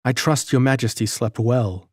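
An earnest young male blacksmith's apprentice, read by a male storyteller, eager and quick to flare up. He speaks in a middle-pitched, natural voice in a dry, close audiobook recording. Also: no room sound, close to an everyday voice. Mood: cheerful. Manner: earnest, hot-tempered.

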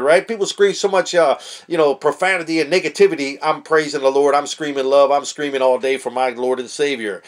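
A man preaching casually to camera, fervent, swinging between hushed earnest talk and shouted praise, with street slang. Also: on the high side, normal speed. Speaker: online preacher.

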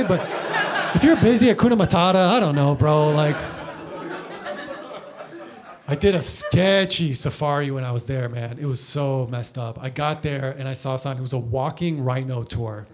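A man doing stand-up comedy in a live club, animated and slangy, on a stage mic. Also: fairly high pitch, normal speed, noisy background. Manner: animated, slangy, lots of "like" and "bro".

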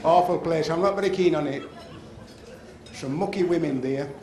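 A male comedian doing live stand-up, loud and chummy as he teases the audience. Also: fairly high pitch, moderate pace. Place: comedy club stage. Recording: echoey live club, loud crowd laughter.

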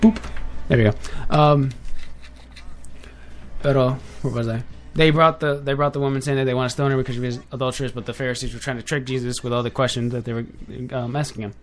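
A young man with an ordinary mid-range voice hosts a loose, off-the-cuff online radio talk show, speaking quickly with fairly even intonation. He rambles, breaks off, corrects himself and uses filler while chatting directly and informally with listeners. He uses headphones and a desk mic, with slight background noise.

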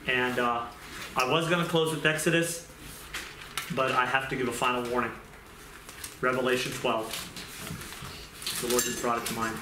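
A man's voice: medium pitch, level tone, moderate pace, pauses often, background noise. A man giving an informal sermon in a conversational way, repeating phrases and restarting sentences as he goes. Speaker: pastor. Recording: roomy echo.

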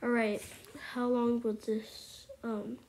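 A woman giving excitable commentary on her gameplay, exclaiming and at times whispering to her viewers. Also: a little high, takes it slowly, a little hiss or hum. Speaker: gameplay streamer.

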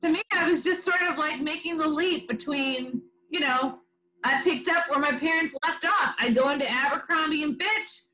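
High-pitched young woman from long island, blunt, no filter. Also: moderate pace, pushed and bright, poor audio. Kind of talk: casual chat.

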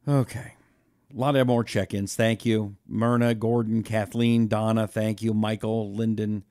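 A man's voice: fairly low pitch, level tone, measured pace, no echo, studio quality. Chatty man hosting a live show. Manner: chatty, shout-outs to viewers, blunt asides. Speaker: host. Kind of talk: live-stream talk show, reading viewer comments.

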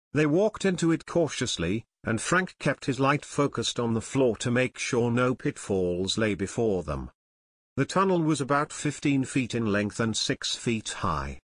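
A man's voice: medium pitch, no echo. Man reading an audiobook, dry and close. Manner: steady, measured reading. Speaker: audiobook narrator. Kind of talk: scripted audiobook narration.

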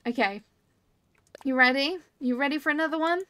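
A woman's voice: sits high, a little fast, a bit bright. A British woman in her thirties chatting casually on a live stream, laughing often and reading chat comments aloud.

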